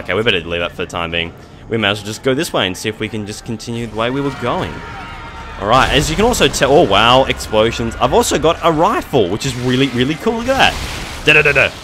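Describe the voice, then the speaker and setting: A young man giving jokey, excitable gameplay commentary, talking back to the monsters on screen. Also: lowish voice, slight background noise. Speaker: let's play gamer.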